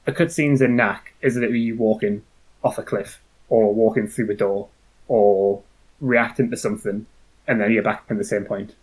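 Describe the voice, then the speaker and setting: A man's voice: on the low side, fairly even intonation, moderate pace, breathy edge. A man co-hosting a casual game review chat, rambling and wry, often restarting his sentences. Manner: rambling, self-correcting, wry. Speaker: podcast co-host.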